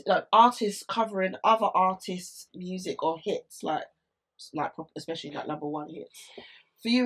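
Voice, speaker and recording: A woman in her thirties, co-hosting a casual podcast chat and leaning on "like" and "so basically". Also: mid-range voice. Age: 30s. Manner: chatty, leans on "like" and "so basically". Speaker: podcast co-host.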